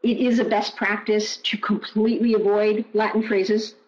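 Answering webinar questions as a guest presenter, a woman speaks at normal speed in a medium-pitched voice with little pitch movement. She is emphatic and repeats key phrases, and the online audio is muffled.

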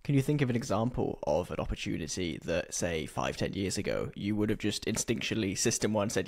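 A man hosts a conversational interview, with a voice sitting slightly low. He asks long, carefully built questions, adding one clause after another before he hands over to the guest. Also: fairly quick, hardly any pauses. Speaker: podcast host.

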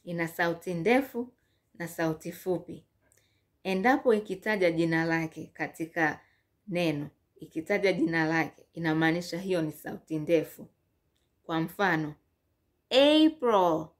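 A woman teaching English letter sounds, repeating words slowly and drawing out each sound. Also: lowish voice. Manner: slow, repetitive, drawn-out drilling of sounds. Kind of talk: slow bilingual phonics lesson.

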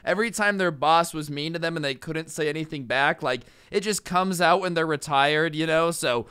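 A man's voice: fairly high pitch, expressive, normal speed, hardly any pauses, pushed and bright, clear, resonant tone, no room sound, clean studio sound. A young man casually telling a funny story over gameplay, chatty with lots of fillers, acting out the people in it. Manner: chatty, filler-heavy, acts out quoted people. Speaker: storytime vlogger.

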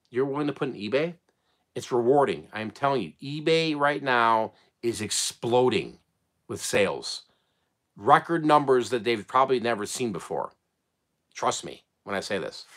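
A middle-aged man giving casual advice as a channel host, blunt and animated, swearing casually and laughing often. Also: mid-range voice. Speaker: eBay reseller and channel host.

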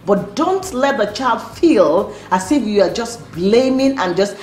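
A woman's voice: medium pitch, animated, a little slow, hardly any pauses, darkish tone, a little hiss or hum. A woman parenting coach giving earnest advice, repeating her key points. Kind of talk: instructional talk to camera. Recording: roomy, faint music.

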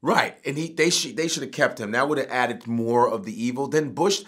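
A middle-aged man and comedian talking casually as a guest, animated and profane. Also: mid-range voice, fairly quick. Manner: animated, profane, prone to outbursts. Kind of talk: casual interview chat.

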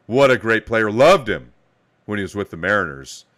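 A man's voice: fairly low pitch, expressive, normal speed, fairly bright tone. A man hosting a live card box break, hyping each card as he pulls it and giving players playful nicknames. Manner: hype, calls out cards with playful nicknames.

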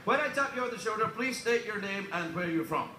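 A man running late-night banter as a talk show host, teasing and laughing easily. His voice sits high and swings widely. It sounds roomy, with studio noise behind him. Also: expressive, a little fast, pushed and bright. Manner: teasing, jokey, laughs often. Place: TV studio with audience.

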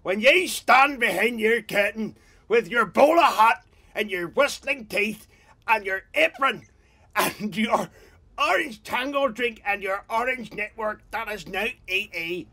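A man doing an indignant republican man, ranting in a high, loud voice. He draws each word out slowly and sneeringly, and the voice swoops up and down. It has a bright, sharp edge. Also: lively intonation, full character voice. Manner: slow, outraged, sneering tirade. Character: indignant Irish republican man, hurling insults back.

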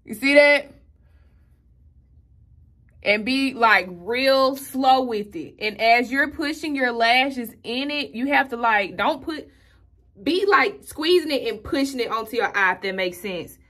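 Chatty high-voiced young woman vlogger. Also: lively intonation, unhurried, fairly bright tone. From Houston, Texas. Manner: chatty, talks straight to viewers with lots of "y'all". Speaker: beauty vlogger. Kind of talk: casual get-ready-with-me tutorial. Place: at home, indoors.

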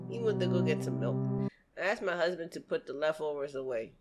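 A woman hosting a casual reaction video, exclaiming and laughing loudly in chatty slang. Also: low voice.

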